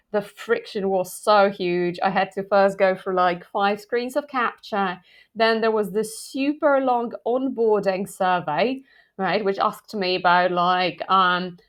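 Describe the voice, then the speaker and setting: A woman hosting an explainer video, talking in a lively, conversational way with frequent fillers and light self-aware asides. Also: mid-range voice. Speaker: product marketing video host. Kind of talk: explainer video talk to camera.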